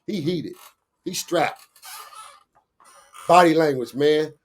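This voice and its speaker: A middle-aged man with a Los Angeles street accent, telling a story in an animated, slangy way and acting out the voices of the people in it. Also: a little high, slow pace, a little hiss or hum. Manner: acts out quoted voices, slangy, laughing asides. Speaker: guest storyteller, bounty hunter.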